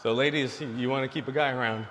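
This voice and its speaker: A man's voice: medium pitch, fairly even intonation, fast, a bit bright, long reverb tail, a little hiss or hum. A man in his forties giving blunt dating advice to male viewers in a casual, preachy monologue. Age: 40s. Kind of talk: casual direct-to-camera monologue.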